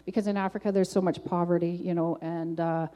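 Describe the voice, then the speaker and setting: A woman's voice: lowish voice, little pitch movement, brisk, dark tone. A middle-aged woman telling her personal faith testimony in an earnest, conversational way, often saying "like" and "um". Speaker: testimony speaker.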